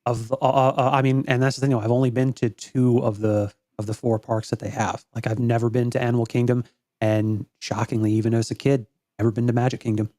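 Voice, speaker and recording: A man co-hosting a podcast, relaxed and hesitant, who also keeps an eye on the live chat. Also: medium pitch, fairly quick, no echo, studio quality.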